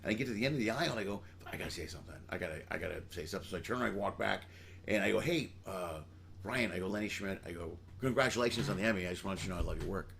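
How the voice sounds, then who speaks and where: A man hosting a casual podcast chat, quick to joke, swearing freely while he tells stories. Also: lowish voice, vocal fry, a bit bright, slight background noise. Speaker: podcast host.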